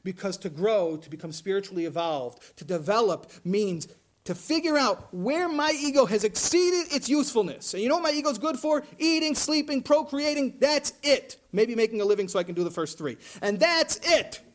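A man delivering a sermon as a religious teacher, talking in an animated way and often laughing as he speaks. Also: high-pitched, moderate pace.

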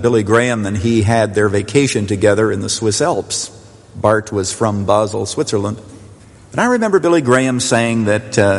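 A man preaching a sermon as pastor, emphatic, with dramatic pauses and repeated words. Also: medium pitch, in a large hall.

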